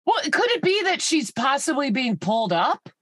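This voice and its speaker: A woman co-hosting a casual comedy podcast, giggling and chiming in with quick remarks. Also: high voice, sing-song, fairly bright tone, clean studio sound. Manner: giggly, chimes in and echoes the other host. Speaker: podcast co-host.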